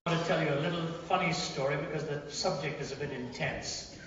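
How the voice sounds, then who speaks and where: A man giving a talk, setting up a humorous story with a halting, restarting delivery. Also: a little high, fairly even intonation, highs cut off, very noisy. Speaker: speaker. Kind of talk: sermon storytelling. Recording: echoey hall, far from mic, ambience.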